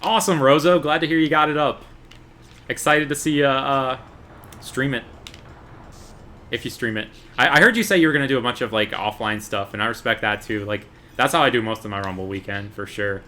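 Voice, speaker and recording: A man in his twenties chatting casually while streaming a game, relaxed and talkative with quick bursts of excitement. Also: medium pitch, a little hiss or hum. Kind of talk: casual gaming stream chat.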